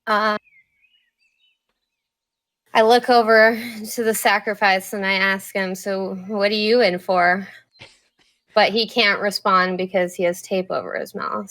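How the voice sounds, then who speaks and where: A woman's voice: medium pitch, little pitch movement, measured pace, fairly bright tone. A woman describing her character's actions in a tabletop game, casual and matter-of-fact. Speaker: player.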